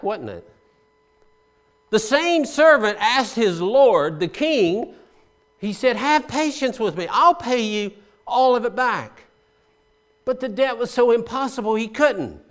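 A man preaching a sermon, explaining scripture conversationally and asking the congregation questions, swinging between loud emphasis and hushed asides. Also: sits high. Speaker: pastor.

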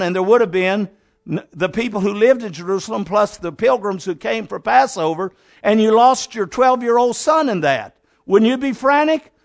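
A man's voice: high voice, fairly bright tone. A man preaching a sermon with fervor, calling his listeners "my friend" and acting out the people in his story. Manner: fervent, addresses listeners as "my friend", acts out Bible characters.

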